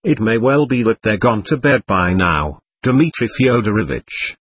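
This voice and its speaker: A man voicing a simple, pious peasant coachman who speaks slowly and deferentially. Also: fairly low pitch, natural voice. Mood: calm. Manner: slow, deferential, gentle. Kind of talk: audiobook character voice.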